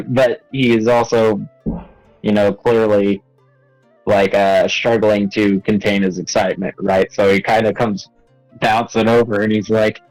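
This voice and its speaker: Brief: low, slow man role-playing at a tabletop game, halting delivery, faint music behind. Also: fairly even intonation, darkish tone, dry recording, rough recording. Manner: hesitant, laughs often, lots of fillers. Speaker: player. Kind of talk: tabletop role-play, casual.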